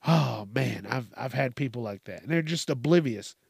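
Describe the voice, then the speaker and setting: A man's voice: medium pitch, moderate pace, creaky, husky, no room sound, clean studio sound. A man hosting a casual solo podcast, ranting with lots of swearing and acting out quoted lines. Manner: profane, animated ranting with acted-out quotes. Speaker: podcast host.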